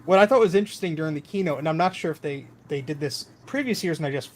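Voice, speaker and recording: A man's voice: a little high, animated, fast, a little hiss or hum. A man hosting a casual tech podcast, chatty and loose, joking and filling his talk with ums and restarts.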